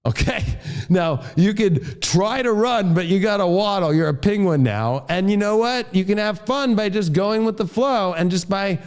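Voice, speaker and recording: A man's voice: sits high, lively intonation, moderate pace, smooth. A man who is a father, an astrologer giving a forecast as a heated, profane rant. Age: adult, a father.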